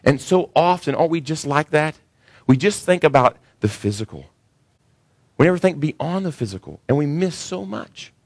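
A man preaching a sermon as pastor to his congregation, building up with animated emphasis and questions. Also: normal speed, no room sound, studio quality. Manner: animated preaching that rises high when voicing others.

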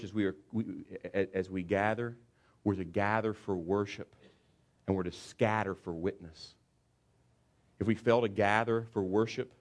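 A man preaching a sermon as pastor, telling a story with animated, acted-out asides. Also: low-pitched. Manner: animated storytelling, acts out football players.

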